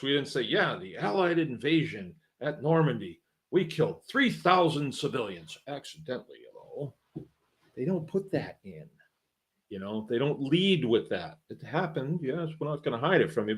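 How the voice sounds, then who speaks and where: A man's voice: mid-range voice, fairly bright tone. A middle-aged man hosting his own farm show, talking in a folksy, rambling, conversational way with lots of fillers. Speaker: podcast host and farmer. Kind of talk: casual monologue.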